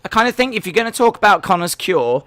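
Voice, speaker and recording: A man's voice: high voice, sing-song, fast, bright, forceful tone, dry recording. A man hosting a live watch-along stream, musing casually with lots of fillers and restarts. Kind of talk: live reaction commentary.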